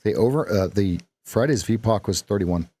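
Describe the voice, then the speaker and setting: A man's voice: on the low side, normal speed, mellow, no room sound. A man hosting a live trading stream, talking in a casual, playful, jokey way with lots of emphasis.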